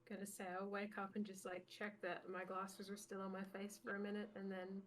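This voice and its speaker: A woman player in a tabletop role-playing game, reacting quickly in casual chat. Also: medium pitch, completely flat delivery, slight background noise.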